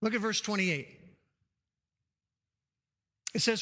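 Male preacher, very high, forceful voice, stressing points by repetition. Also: expressive, slow pace, pauses often. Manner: emphatic, repeats key phrases for stress. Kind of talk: sermon. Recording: long hall reverb.

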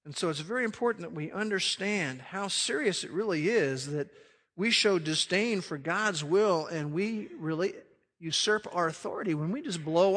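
A man preaching a sermon as pastor, emphatic, swelling loud and then dropping to a quiet hush. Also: high voice, big-room sound.

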